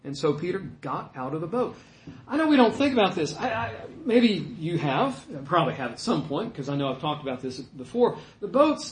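Animated high-voiced male preacher, echoey room. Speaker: pastor. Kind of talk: sermon.

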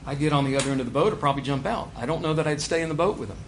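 A pastor preaching a sermon, animated, building to near shouts on key points. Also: male voice, fairly high pitch, rapid-fire, a little hiss or hum.

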